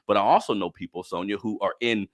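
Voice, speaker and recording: A man hosting a conversational interview podcast, talking emphatically and breaking into high-pitched jokes. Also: quick pace, dry recording, clean studio sound. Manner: emphatic, animated, jumps up high when joking. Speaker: podcast host.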